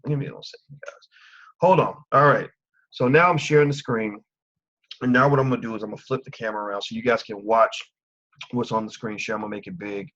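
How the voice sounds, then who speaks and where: A man giving profane, heated live-streamed commentary that swings between calm asides and angry outbursts. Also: a little high, fast talker, husky. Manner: animated, profane ranting. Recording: muffled lo-fi stream audio.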